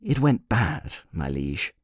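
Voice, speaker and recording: A man's voice: a bass voice, big pitch swings, slow pace, slightly rough, no room sound, voice pushed down, full character voice. A man doing a dry, deferential royal servant. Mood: formal. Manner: formal, deferential, drily understated. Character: patient, dry-witted male royal servant.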